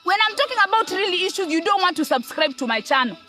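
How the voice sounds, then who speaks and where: A Kenyan woman delivers a scolding rant straight to her audience in a very high, sharp, bright voice. She hammers her points with repeated words and asks "eh?" between them, and faint music plays behind her. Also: very animated, quick pace. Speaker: online commentator. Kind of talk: ranting monologue to camera.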